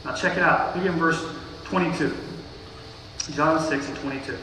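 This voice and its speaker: Slangy pastor in an echoey church hall. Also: male voice, on the high side, normal speed, noisy background. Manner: slangy, animated retelling with playful voices. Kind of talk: casual expository sermon. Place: church sanctuary. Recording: echoey hall, distant mic.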